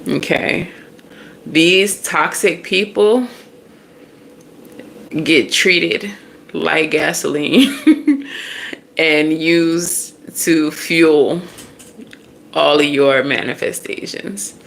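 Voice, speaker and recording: A woman doing a casual tarot reading, animated and slangy, laughing often as she talks. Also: low-pitched, drawn-out words, creaky, long pauses, a little hiss or hum. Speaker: tarot reader.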